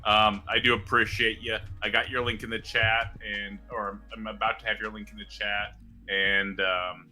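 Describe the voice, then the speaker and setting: A man's voice: on the low side, flat delivery, sharp tone. A man hosting a debate livestream, talking casually with many fillers and restarts. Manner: halting, filler-heavy, repeats words. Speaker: stream host and moderator.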